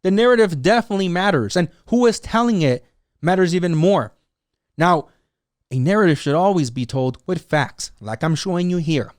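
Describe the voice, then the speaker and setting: A man hosting his own commentary show, talking excitedly and sarcastically, often acting out other people's words in mocking voices. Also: high-pitched, normal speed, dry recording, studio quality. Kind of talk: animated solo commentary.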